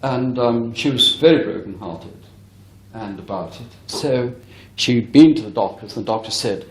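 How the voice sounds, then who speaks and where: A man's voice: mid-range voice, animated, normal speed. A man giving a spiritualist lecture as a medium, telling a story earnestly and emphatically to a live audience. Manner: earnest, emphatic, often addresses the audience directly. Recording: echoey hall recording.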